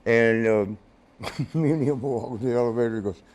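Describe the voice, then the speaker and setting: This is a middle-aged man with a warm, relaxed timbre, recounting backstage tales in a studio interview. He rambles and restarts, curses casually, and laughs often. When he quotes others, he acts out their voices. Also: medium pitch, a little fast. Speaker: interview guest, former wrestler.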